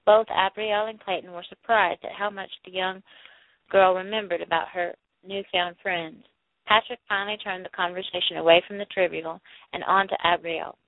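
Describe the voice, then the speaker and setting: A woman reads a novel aloud at an even pace, lightly voicing each speaker. Her voice comes through thin and boxy, like over a phone line. The room around her adds no echo at all. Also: fairly low pitch, normal speed. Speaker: audiobook narrator. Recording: dry, tinny phone-like sound.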